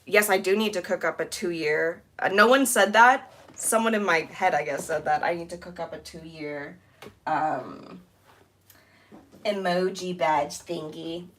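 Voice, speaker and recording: A young woman live streaming while she cleans, chatting casually with giggly, rambling asides and excited squeals. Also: lowish voice, unhurried, a little hiss or hum. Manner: bubbly, squealing excitedly at new members.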